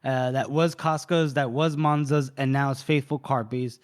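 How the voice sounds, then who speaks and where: A man's voice: medium pitch, steady tone, moderate pace. A man co-hosting a book podcast, casually retelling a chapter and tossing off characters' lines as he goes. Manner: retells scenes loosely, voicing characters' lines in passing. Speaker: podcast co-host recapping a novel. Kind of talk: casual chat.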